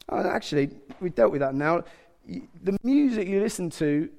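Male preacher, middle-aged, slightly high voice, sermon with long hall reverb. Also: normal speed, creaky. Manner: animated, conversational, acts out quotes with humour.

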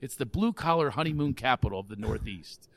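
A male comedian guest telling stories in casual chat, animated and laughing often. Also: mid-range voice, a little fast, creaky, no echo.

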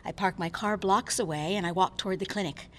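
An actress performing a dramatic stage reading as a frightened, defiant woman doctor under attack, moving from hushed dread to bursts of screaming. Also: mid-range voice, brisk, a little hiss or hum, lightly acted. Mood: tense. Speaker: actor performing a diary monologue.

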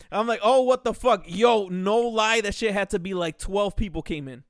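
A young man telling a story on a podcast, animated and profane, acting out the quotes loudly. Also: high-pitched, moderate pace, dry recording, clean studio sound. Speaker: podcast host. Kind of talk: casual storytelling.

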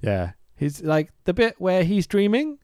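Man, podcast co-host, lively and expressive, bit high, dry close sound. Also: measured pace, clean tone, no echo. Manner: animated, laughing, swearing, acting out scenes. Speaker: podcast co-host recapping a film. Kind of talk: casual chat.

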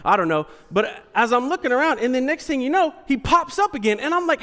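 A man telling a comic personal story to an audience, animated, dropping to a hush and then rising loud again. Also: extremely high pitch, fast, hardly any pauses. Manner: animated, swinging from hushed to loud and laughing. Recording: long hall reverb.

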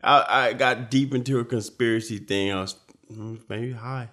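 A young man in casual conversation, rambling and profane, sometimes breaking into loud mock speeches. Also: medium pitch, fairly even intonation, normal speed. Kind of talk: casual chat.

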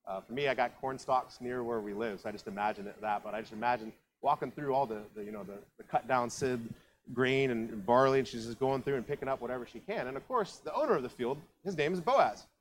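A man from Ohio gives a sermon as if he were telling a story to friends. He keeps tossing out asides and questions to the congregation, and his voice sits at an ordinary middle pitch. A faint hiss is heard behind him. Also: fast, low-quality recording. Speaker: pastor.

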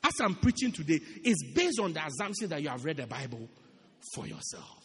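A man from South Africa preaching a sermon in an animated, repetitive way, often laughing at his own jokes. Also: fairly high pitch, fairly quick, husky. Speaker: pastor. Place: large church hall. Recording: long echoing church hall reverb.

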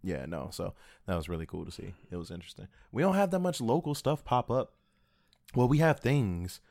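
A man's voice: lowish voice, sing-song, a little fast, vocal fry, a little mellow, no room sound, studio quality. A man co-hosting a podcast in casual chat, laid-back, joking and profane. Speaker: podcast co-host.

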